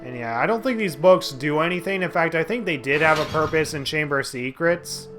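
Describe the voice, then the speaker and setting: Man, let's play host, casual gameplay chatter, a bit high-pitched, stumbles and restarts often. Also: music in the background. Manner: rambling, halting, many fillers and restarts.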